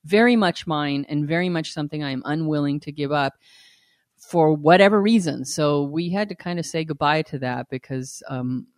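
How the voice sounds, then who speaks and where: A woman's voice: low-pitched, moderate pace, no echo, studio quality. A woman hosting a podcast in casual, candid chat, frank and blunt and often laughing. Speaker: podcast host.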